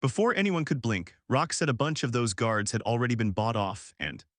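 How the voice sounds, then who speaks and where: A man's voice: medium pitch, moderate pace, fairly bright tone, no echo, clean studio sound. A man narrating a story recap in a casual, punchy, slangy way, sometimes restarting a word.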